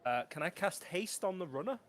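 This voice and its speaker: A man's voice: sits high, expressive, a little fast. A man playing a tabletop game, hesitant at times as he checks his spells. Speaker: player.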